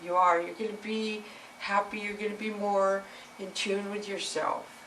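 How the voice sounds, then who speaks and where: A woman's voice: medium pitch, flat delivery, moderate pace, a bit bright, recorded from a distance, slight background noise, low-quality recording. A woman reading tarot cards to camera, emotional and earnest, speaking straight to the viewer. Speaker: tarot reader.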